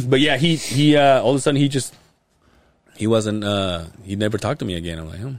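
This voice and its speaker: A man's voice: mid-range voice, normal speed, no room sound. A man hosting a podcast, telling crude stories in casual chat, often breaking into laughter. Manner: profane, laughing, does voices of people in stories. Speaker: podcast host.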